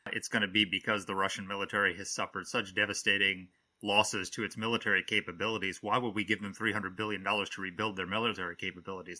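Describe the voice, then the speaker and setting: A man's voice: fairly low pitch, bright, forceful tone. A man hosting a panel discussion, asking pointed questions. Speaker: host.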